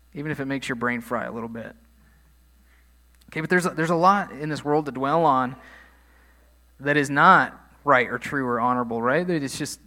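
A man's voice: mid-range voice, pushed and bright. A man preaching a sermon in a conversational way, leaning hard on key phrases. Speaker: pastor.

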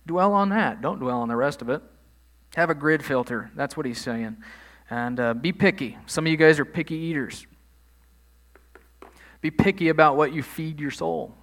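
A man's voice: on the high side, fairly even intonation, normal speed, a bit bright. A man preaching a sermon in a conversational way, leaning hard on key phrases. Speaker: pastor.

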